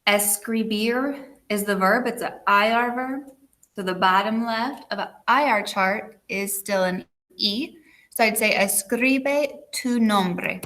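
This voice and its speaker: Chatty woman teaching a video lesson, bright crisp voice, keeps saying okay. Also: medium pitch, slow pace. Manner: chatty, checks in with frequent "okay". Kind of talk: recorded classroom video lesson.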